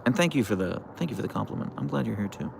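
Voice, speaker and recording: A tired, relaxed man hosting a casual livestream, rambling with fillers as he answers viewer comments. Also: medium pitch, racing, gravelly, background noise. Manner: relaxed, rambling, with fillers, soft coos to the dogs. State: tired, yawning. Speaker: livestream host with pet huskies.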